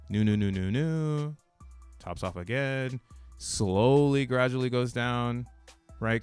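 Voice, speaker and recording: A man's voice: mid-range voice, moderate pace, clean tone, no echo, faint music behind. A man hosting a crypto channel who talks casually over a chart, slangy and rambling and laughing between points. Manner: rambling, restarts thoughts mid-sentence.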